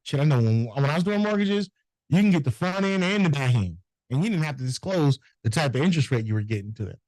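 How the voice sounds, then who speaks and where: A middle-aged man, a notary business owner, telling animated, profane anecdotes in a casual interview and acting out the people in them. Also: a little high, fast, dry recording, low-quality recording.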